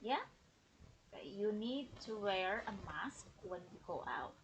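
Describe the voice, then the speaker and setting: A woman teaching an English grammar lesson on a livestream, explaining slowly and checking in with the viewers. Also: medium pitch, expressive, background noise. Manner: slow, explanatory, checks in with "okay?".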